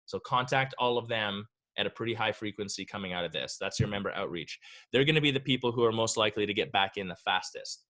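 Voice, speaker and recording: A man leads a business coaching webinar with a bright, forward tone. He speaks casually and with energy, like a coach talking straight to his audience. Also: lowish voice, fast talker. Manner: energetic, casual and conversational, acts out quoted voices. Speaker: webinar presenter.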